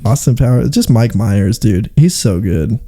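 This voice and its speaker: A young man from Arizona riffing with a friend on a podcast. His voice is very dark and mellow, and he jokes freely, swearing now and then, with quick asides. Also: on the low side, lively intonation. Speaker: podcast co-host. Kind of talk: casual chat.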